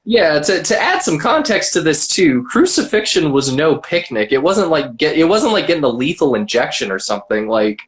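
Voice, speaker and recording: Wisecracking woman, lively pitch. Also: moderate pace, hardly any pauses. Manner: crude, wisecracking. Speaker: co-host. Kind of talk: casual livestream chat.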